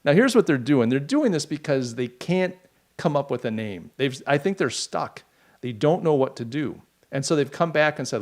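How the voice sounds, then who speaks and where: A middle-aged man hosting a podcast, talking in a rambling, animated monologue with mocking asides. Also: on the high side, normal speed. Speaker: podcast host. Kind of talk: casual opinion monologue.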